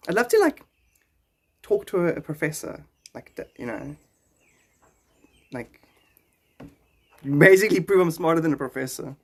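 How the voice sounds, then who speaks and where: A man's voice: fairly high pitch, animated, normal speed, vocal fry, long pauses, slightly rough. A man streaming live and chatting casually with viewers, rambling and joking with frequent chuckles. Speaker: livestreamer. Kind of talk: casual livestream chat.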